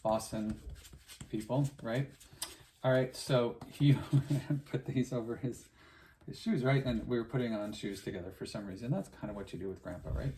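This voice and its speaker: A man's voice: medium pitch, moderate pace, warm tone, a little hiss or hum. A middle-aged man chatting casually while crafting, rambling through memories and laughing often. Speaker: artist and teacher.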